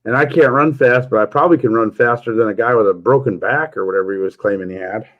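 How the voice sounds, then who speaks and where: A man's voice: fairly low pitch, fast talker, phone-quality sound. A man hosting a casual livestream chat, telling jokey stories and chuckling often. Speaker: livestream host.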